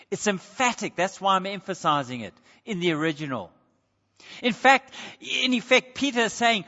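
A man preaching a sermon in an earnest, deliberate, emphatic way, recorded in a church hall. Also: high-pitched, lively intonation, bright, forceful tone. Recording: dull, reverberant hall recording.

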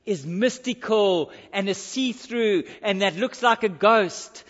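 A man's voice: very high voice, fairly bright tone. A male pastor preaching a sermon in church, emphatic and repeating his key phrases. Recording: dull recording with long hall reverb.

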